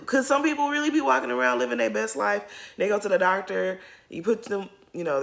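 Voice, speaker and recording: A woman's voice: sits low, creaky, a bit bright. A woman giving a casual, candid recap of a reality show episode, talking straight to her viewers. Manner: chatty, addresses viewers as y'all; candid, openly emotional. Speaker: reality TV commentary YouTuber. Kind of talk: casual recap commentary to camera.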